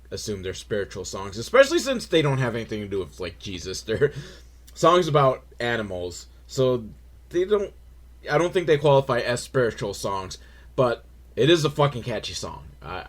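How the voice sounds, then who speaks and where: A man in his forties giving a sarcastic, profane, rambling commentary on an old film. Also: mid-range voice. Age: 40s. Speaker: film reviewer.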